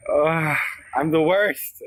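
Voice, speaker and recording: A man's voice: on the high side, fairly bright tone, a little hiss or hum. A man in his twenties telling a personal story for his vlog, rambling and self-deprecating, with lots of "like" fillers. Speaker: vlogger.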